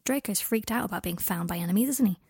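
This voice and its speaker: A worn-out young man murmurs his lines in a hushed, half-whispered voice, as a woman reads him. The sound is close and dry. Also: fast talker, breathy edge, no echo. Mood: subdued. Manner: quiet, half-whispered, low. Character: weary, guilty young man, quiet.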